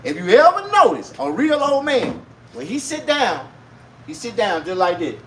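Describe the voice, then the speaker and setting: Guy going off on a crude comic rant, high bright voice, bit of hiss behind. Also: moderate pace. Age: 40s. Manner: loud, crude, animated street slang. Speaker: vlogger. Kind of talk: casual comedic rant to camera.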